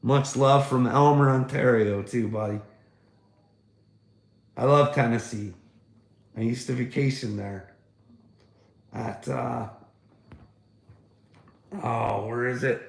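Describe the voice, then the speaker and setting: A man's voice: mid-range voice, fairly even intonation, slow, creaky, long pauses, echoey room. A man chatting casually on a livestream, mocking and swearing at viewers and laughing often. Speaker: livestreamer talking to chat.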